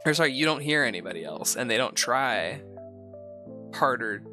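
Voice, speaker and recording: A man's voice: medium pitch, sing-song, moderate pace, music in the background. A man hosting a show, reading posts aloud and giving rambling, profane, sarcastic commentary in a casual chat style. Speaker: host.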